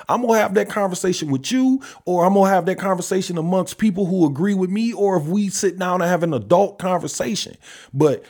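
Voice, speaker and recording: Talking alone on his podcast, this adult father rants bluntly and with heavy profanity, firing off rhetorical questions in an opinion monologue. His voice is high-pitched and a little mellow, and he speaks fairly quickly.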